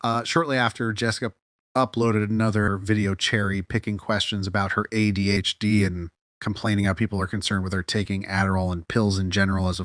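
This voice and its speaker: Low-voiced man narrating critical commentary. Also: a bit bright, dry recording, clean studio sound. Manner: critical, measured, occasional fillers. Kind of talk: scripted commentary voice-over.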